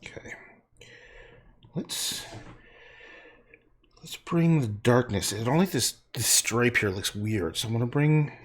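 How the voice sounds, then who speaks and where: A middle-aged man chatting casually and gruffly while he paints on a livestream, swearing and laughing often. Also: mid-range voice, expressive, slow pace, long pauses, slight background noise.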